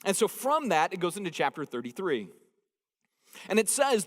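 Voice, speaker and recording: A man's voice: high-pitched, big pitch swings, normal speed, fairly bright tone. A man preaching a sermon as pastor. He talks conversationally and jokes, and he stresses points by repeating phrases. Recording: long hall reverb.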